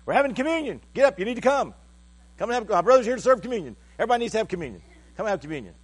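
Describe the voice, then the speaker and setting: A man doing an eager elderly woman who bossily herds everyone in, her voice pitched high and pushed loud. She keeps calling out insistently over a low mains hum. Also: sing-song, very fast, slightly rough, exaggerated voice. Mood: bossy eager. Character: eager elderly sister rounding up residents.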